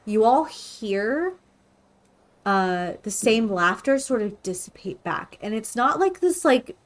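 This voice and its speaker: Slow, hesitant woman game master. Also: on the high side, very animated. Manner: hesitant, many ums. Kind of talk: narrating a tabletop game.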